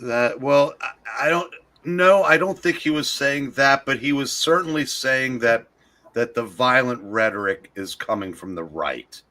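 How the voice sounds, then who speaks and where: A man co-hosting a live stream, speaking in a measured, halting way with frequent restarts. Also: medium pitch, bright, forceful tone. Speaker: co-host. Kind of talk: casual live-stream chat.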